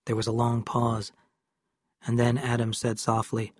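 A man reading a novel aloud in calm, measured scripted narration. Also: medium pitch, breathy edge, no echo, clean studio sound. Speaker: audiobook narrator.

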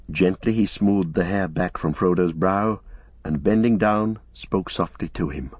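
A man narrating an audiobook with measured storytelling, on a dull lo-fi recording. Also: deep voice, darkish tone, husky, no echo.

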